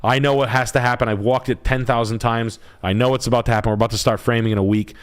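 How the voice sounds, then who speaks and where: A man hosting a live stream, rambling in crude, joking talk that comes out in quick bursts. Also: medium pitch, steady tone, clean tone. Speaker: livestream host, realtor.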